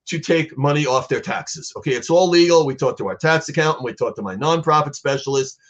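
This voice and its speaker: A man's voice: a little high, a little fast, highs cut off. A man being interviewed about his art program, talking earnestly and growing emotional as he tells a personal story. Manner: earnest, grows emotional while telling a story. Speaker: guest artist.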